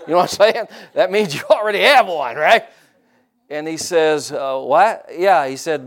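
A man's voice: fairly high pitch, moderate pace. A middle-aged man preaching a sermon in a church, folksy and joking, with frequent amens and hallelujahs. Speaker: pastor.

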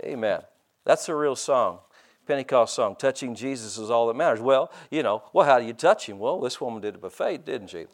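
A man's voice: mid-range voice, lively intonation, fairly quick. An older man preaching a sermon in a folksy, conversational way, often repeating and restarting words and acting out quoted voices. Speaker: pastor.

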